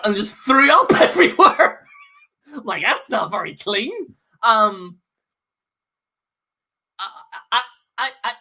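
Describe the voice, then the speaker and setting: A man's voice: sits high, bright, forceful tone. A man hosting a casual live review, rambling and exasperated, with many fillers and restarts. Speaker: host reviewing a wrestling show.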